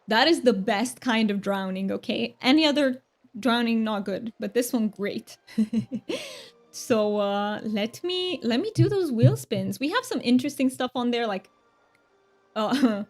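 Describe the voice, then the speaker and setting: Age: adult. Sex: woman. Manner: bubbly, giggly, chatty. Pitch: fairly high. Role: game streamer. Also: expressive, unhurried, soft background music. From Romania. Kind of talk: casual live-stream chat.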